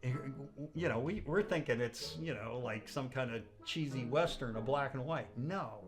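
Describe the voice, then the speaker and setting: A man's voice: mid-range voice, moderate pace, over music. A man telling a rambling anecdote in an interview, full of asides and quoted voices. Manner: rambling, full of "you know", animated quoting. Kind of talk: casual anecdotal storytelling.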